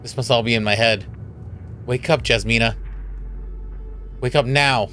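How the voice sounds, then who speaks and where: A man's voice: medium pitch, steady tone, a little slow, sharp tone, soft background music, voice pushed down. A man reading the lines of a frightened female spaceship captain in a story game, pleading and cursing. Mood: scared.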